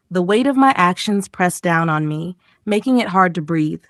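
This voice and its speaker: Woman, story reading, expressive delivery, very dry close sound. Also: moderate pace, few pauses, dry recording. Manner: reads paragraph titles, then acts out quoted lines with raised pitch. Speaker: English lesson reader.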